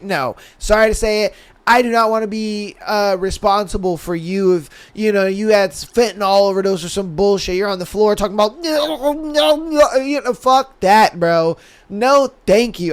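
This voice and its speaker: Young male podcast host, fairly high voice, slangy and animated, acts out the quotes. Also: smooth. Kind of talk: casual storytelling chat.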